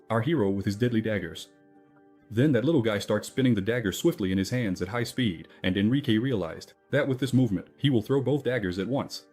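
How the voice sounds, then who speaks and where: A man's voice: fairly low pitch, a little mellow, breathy edge. A man narrating a story recap in a casual, jokey way, with chatty asides to the listener.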